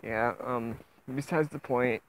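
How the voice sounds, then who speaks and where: A man with a rural American accent, vlogging outdoors in the countryside, talking in a subdued, halting way while holding back tears. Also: medium pitch, a little hiss or hum, rough recording. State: tearful. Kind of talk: outdoor personal vlog.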